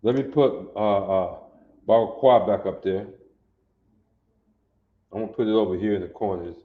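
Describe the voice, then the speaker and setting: A man's voice: lowish voice, moderate pace. A man teaching a language class, repeating words and drilling pronunciation insistently. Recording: echoey, dull lo-fi room.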